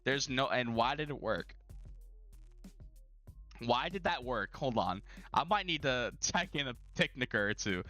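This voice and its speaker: A man's voice: medium pitch, animated, measured pace, long pauses, pushed and bright, soft background music. A young man hosting his own gaming channel, giving casual, dramatic, slang-filled commentary on a card game he is losing.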